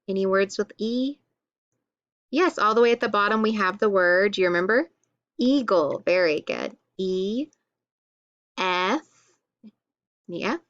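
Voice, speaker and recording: Slow, patient woman teaching phonics. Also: medium pitch, a bit bright, no echo, muffled recording. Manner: slow, patient, drilling letters and sounds. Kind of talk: phonics lesson for children.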